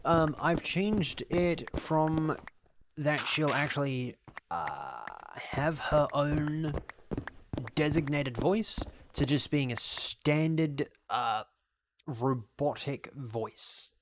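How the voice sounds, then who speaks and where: A man's voice: on the high side, lively intonation, extremely slow, background noise. Rambling Australian man streaming a game. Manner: rambling, thinking aloud. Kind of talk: casual gameplay commentary.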